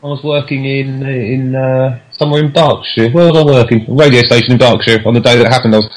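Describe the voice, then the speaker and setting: A man co-hosting a casual podcast, chatty and digressive, with lively jumps in pitch. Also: quick pace, rough recording. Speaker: podcast co-host. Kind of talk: casual chat.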